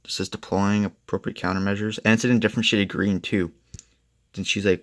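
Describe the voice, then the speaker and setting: A man's voice: lowish voice, little pitch movement, brisk, dry recording, studio quality. A young man reviewing a comic book in casual, rambling, profane chat, full of "like" and "and stuff". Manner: rambling, profane, filler-heavy.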